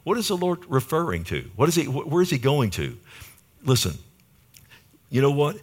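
A man's voice: medium pitch, very animated, normal speed, breathy edge. A man preaching a sermon as pastor, in a conversational manner with frequent rhetorical questions to his listeners.

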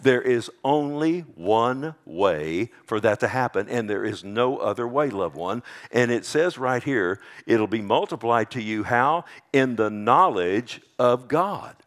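A man with a Texas accent preaching a sermon, talking casually to the congregation and asking them for amens. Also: animated. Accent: Texan. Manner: conversational, calls out to congregation for amens; slows and drops low on scripture lines.

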